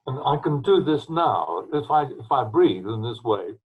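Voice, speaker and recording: An older English man with a husky voice, answering interview questions over a video call from home in a rambling, anecdotal way. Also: medium pitch, animated, moderate pace, narrow, tinny audio. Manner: rambling, anecdotal, with restarts and coughs. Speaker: trombonist and mouthpiece maker, interviewee. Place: his home.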